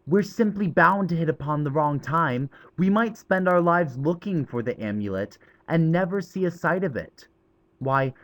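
A man's voice: fairly high pitch, a bit bright, voice pushed up. A man reading an audiobook voices an impatient, thoughtful schoolboy. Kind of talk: audiobook character voice.

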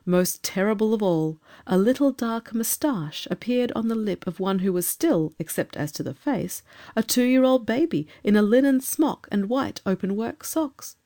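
A woman reading a storybook aloud as narrator, measured and expressive. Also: medium pitch. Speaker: audiobook narrator.

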